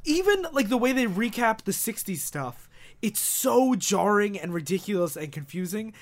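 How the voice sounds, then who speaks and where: High-voiced enthusiastic man. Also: sing-song, moderate pace. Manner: enthusiastic, laughs often, jokey asides. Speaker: podcast co-host. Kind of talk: casual comic book chat.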